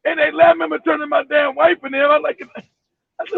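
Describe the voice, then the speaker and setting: A man's voice: very high voice, level tone, quick pace, creaky, no echo. A man from Los Angeles hosting a casual podcast chat, a profane storyteller who laughs as he talks, heard over a tinny phone-like line. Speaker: host.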